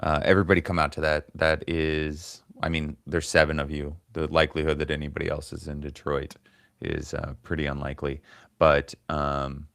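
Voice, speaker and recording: Low-voiced grumbling man in his forties. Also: completely flat delivery, normal speed, gravelly, fairly bright tone, no room sound, studio quality. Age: 40s. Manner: rambling, profane, grumbling. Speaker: comedian livestream host. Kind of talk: casual livestream chat.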